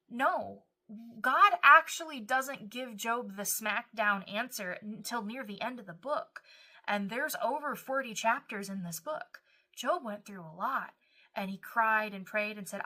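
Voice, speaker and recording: An earnest woman delivers a devotional Bible teaching, acting out short prayers and verses as she goes. Her voice is bright and forceful, with a middle pitch. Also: measured pace.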